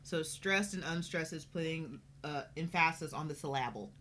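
A woman's voice: deep voice, normal speed, fairly bright tone, slight background noise. A woman co-hosting a casual podcast chat, dry and wry, swearing now and then. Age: adult, studied in college. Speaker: podcast co-host.

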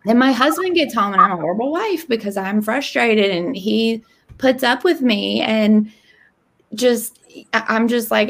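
Animated woman telling a candid story. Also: unhurried, gravelly. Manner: animated, acts out quoted dialogue with rising pitch. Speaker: podcast guest.

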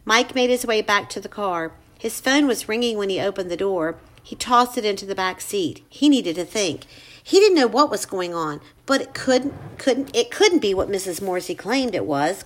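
A woman's voice: mid-range voice, animated, normal speed. Woman reading a spooky tale. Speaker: storyteller. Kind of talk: scripted narration.

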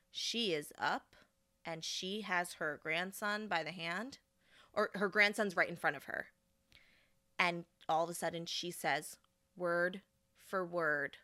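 A young woman vlogger telling a casual story, animated and exasperated, often acting out what people said. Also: lowish voice, no room sound, studio quality.

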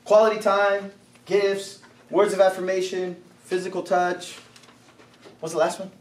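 Young guy preaching, high voice, super animated, echoey room, kinda far from the mic. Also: measured pace. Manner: animated, exclaiming, acts out conversations. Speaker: pastor. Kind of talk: sermon. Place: church room.

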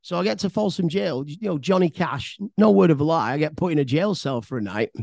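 A man's voice: on the high side, expressive, fairly quick, creaky, darkish tone, dry recording, clean studio sound. A man with an English accent telling a personal story on his podcast, in a rambling, chatty way with frequent swearing and repeated words. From England. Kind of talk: casual spoken storytelling.

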